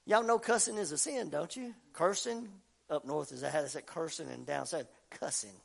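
A man preaching a fervent sermon, swinging between quiet talk and shouting. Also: a little high, very animated, fairly quick, gravelly, slightly rough. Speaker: pastor.

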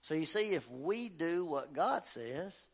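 A man preaching a fervent sermon, swinging between quiet talk and shouting. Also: fairly high pitch, sing-song, slow pace, vocal fry, breathy edge. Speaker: pastor.

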